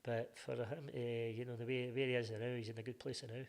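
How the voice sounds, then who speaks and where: A man's voice: mid-range voice, a little fast, creaky. A middle-aged Scottish man, a football coach, casually telling stories as an interview guest and acting out old conversations. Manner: animated anecdotes, acting out past conversations in reported speech. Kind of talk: casual storytelling.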